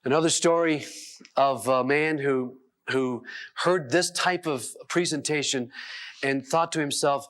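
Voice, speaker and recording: A man telling stories in a self-help talk, animated and chuckling as he voices the people in them. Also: on the high side, moderate pace. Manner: chuckles between sentences. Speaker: seminar speaker.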